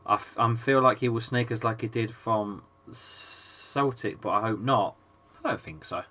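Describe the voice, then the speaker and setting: An English man with a chesty, slightly rough voice gives a live football watchalong between coughs, reading chat and calling the play. His tone is bright and forward. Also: fairly low pitch, a little slow. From England. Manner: chatty, swears, reads chat aloud between play calls. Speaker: football fan streamer. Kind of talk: casual live watchalong commentary.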